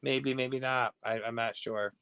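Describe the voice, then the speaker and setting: The American man on this casual livestream chats gossip and answers viewer comments, often laughing and shifting from hushed asides to loud bursts. His medium-pitched voice is steady and unhurried, with vocal fry, recorded with a clean tone and no echo.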